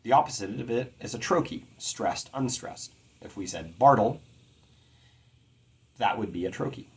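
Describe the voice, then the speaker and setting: A middle-aged man teaching about poetic meter in an earnest, measured way, carefully stressing his words. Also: fairly low pitch, animated, creaky, slightly rough. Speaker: poetry teacher.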